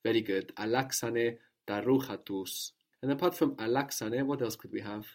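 A man's voice: medium pitch, moderate pace. A man teaching a language lesson, patiently prompting with questions and repeating each answer.

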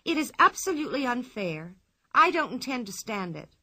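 A woman's voice: on the high side, very animated, normal speed, pushed and bright, dry recording, voice pushed up, exaggerated voice. A woman reading a storybook aloud, voicing a bold, cheeky young girl in a brash, indignant manner.

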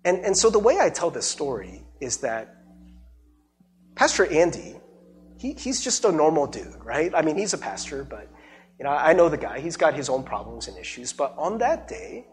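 Husky-voiced pastor telling a personal story. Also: male voice, fairly high pitch, big pitch swings. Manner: conversational, halting with many fillers and repeated words. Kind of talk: personal testimony sermon.

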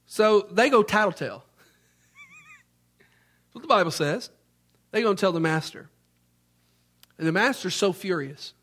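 A man, from Memphis, Tennessee, preaching a sermon as an animated storyteller who acts out the scenes. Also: high-pitched, unhurried, long pauses.

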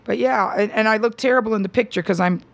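A middle-aged woman comedian telling an animated story in an interview. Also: mid-range voice, fast, gravelly, dry recording. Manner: animated, tells anecdotes with acted quotes. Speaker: stand-up comedian and radio host.

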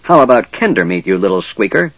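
A man voicing a croaking, snarling male goblin soldier in a dull lo-fi recording. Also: medium pitch, huge pitch swings, measured pace, no echo, pitched above the performer's own voice, full character voice. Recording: dull lo-fi sound.

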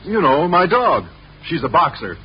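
A man's voice: on the high side, big pitch swings, moderate pace. An actor playing a mild-mannered, bashful male science teacher in a 1950s radio sitcom, heard in a dull old radio broadcast with faint hiss. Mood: earnest. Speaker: biology teacher.

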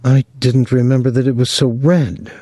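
A man reading an audiobook, voicing a poised young actress with a calm, lightly ironic manner. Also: mid-range voice, normal speed, no room sound, clean studio sound, voice pushed up, close to an everyday voice. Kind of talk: audiobook character voice.

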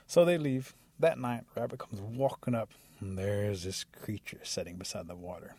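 Husky man, lowish register, animated oral storyteller voicing the animals of the tale. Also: moderate pace.

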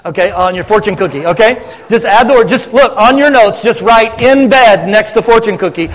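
High-voiced pastor in an echoing hall. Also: male voice, normal speed. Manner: conversational, joking, addresses congregation directly. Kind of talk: sermon Q&A.

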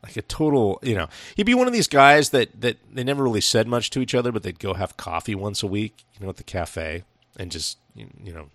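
A man's voice: fairly low pitch, very animated, brisk, fairly bright tone, no room sound. A man from Washington state co-hosting a podcast, telling rambling, profane stories in casual chat about a film. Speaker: podcast co-host.

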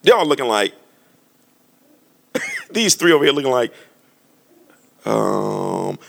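A man preaching a storytelling sermon to a congregation, animated and conversational, often restarting his sentences. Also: fairly low pitch, unhurried, vocal fry, long pauses. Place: church with a live congregation.

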